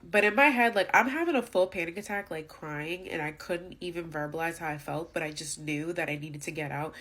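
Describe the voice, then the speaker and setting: A woman's voice: on the low side, a little fast, bright, forceful tone. A young woman vlogger telling an indignant storytime rant, emphatic and full of fillers.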